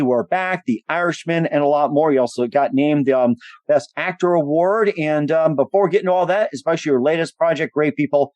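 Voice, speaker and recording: Guy hosting an interview, kinda high voice, dry close sound, reads the intro. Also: darkish tone, no echo. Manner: reads intro, brief reactions. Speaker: host. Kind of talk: interview host.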